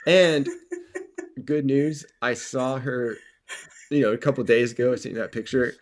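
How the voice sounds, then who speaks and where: A man's voice: mid-range voice, fairly even intonation, a little slow. Laid-back young man telling a story. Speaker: podcast guest. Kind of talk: casual chat, storytelling.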